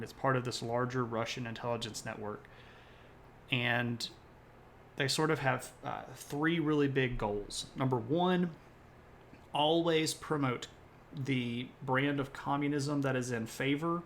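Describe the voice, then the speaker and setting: A man's voice: mid-range voice, a bit bright, a little hiss or hum. A man lecturing on history during a live stream, rambling a little, correcting himself and tossing in joking asides.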